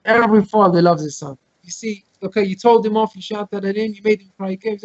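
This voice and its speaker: A man teaching a Torah class over a video call, explaining with everyday examples and quoting Hebrew texts quickly. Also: sits high, steady tone, no echo. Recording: muffled, dry video call audio.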